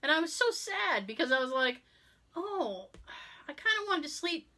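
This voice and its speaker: A woman co-hosting a podcast tells everyday stories in casual chat, acting out the people in them. Her voice sits a little high and has a bright, forward ring. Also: moderate pace. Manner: animated, acts out quoted people. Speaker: podcast co-host.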